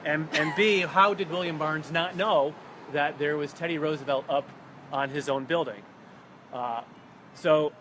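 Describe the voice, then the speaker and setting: A man with a fairly high voice tells local history on an outdoor walking tour. He talks in a casual, animated way and acts out the people in his story. Traffic and street noise run clearly behind him. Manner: animated, chatty, acts out quotes. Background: traffic and city ambience.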